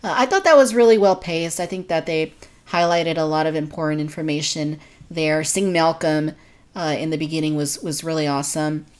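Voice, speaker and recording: A woman's voice: sits low, steady tone, a little fast. A woman co-hosting a casual podcast discussion, reviewing in an earnest, detailed way. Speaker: podcast co-host.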